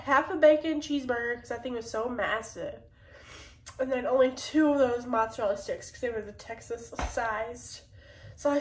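A woman vlogger talks casually in her kitchen, her nose stuffed up from a cold. She rambles along with sighs and small laughs. Her voice is a little high, and it comes from a bit away from the mic in an echoey room. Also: far from the mic. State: congested nose. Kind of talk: casual vlog chat. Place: kitchen at home.

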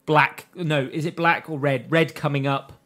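A man's voice: on the high side, steady tone, normal speed, pushed and bright. A man on a casual podcast, summarizing an anime plot, laughing and swearing with friends. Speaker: podcast host. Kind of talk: casual recap chat.

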